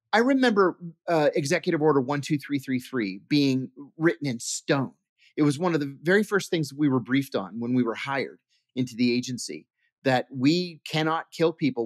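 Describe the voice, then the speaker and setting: A man's voice: a little high, dry recording, studio quality. A man, a former intelligence officer, telling anecdotes in an interview, acting out quoted dialogue with frequent restarts. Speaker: guest, former CIA officer. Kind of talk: storytelling interview answer.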